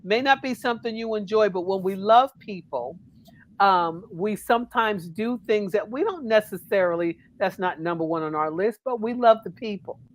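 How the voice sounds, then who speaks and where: A woman from Connecticut, a minister, giving earnest counsel in a calm, preacherly way on a talk show. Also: mid-range voice, moderate pace. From Connecticut, USA.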